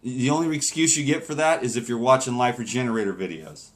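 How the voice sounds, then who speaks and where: A man's voice: mid-range voice, big pitch swings, fast talker, a little hiss or hum. A man hosting a health call-in show, talking in a brash, teasing, salesman-like way. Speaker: host.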